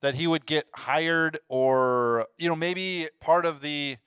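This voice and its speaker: A man with an Upper Midwest accent, co-hosting an improvised storytelling podcast, eagerly thinking aloud and pitching plot ideas. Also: slow pace, a bit bright, clear, resonant tone, no room sound, studio quality. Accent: Upper Midwest American. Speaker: podcast co-host.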